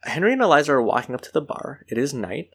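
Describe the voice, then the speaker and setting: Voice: mid-range voice, quick pace, husky. A podcast co-host recapping an episode in casual chat, acting out the characters' lines. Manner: animated, acts out character lines.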